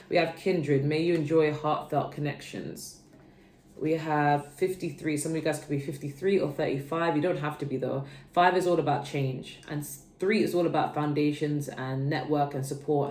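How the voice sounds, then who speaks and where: A woman's voice: low-pitched, darkish tone, a little hiss or hum. A young woman giving a casual, chatty tarot reading to her viewers, rambling and checking in with "okay" often. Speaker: tarot reader. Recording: roomy echo.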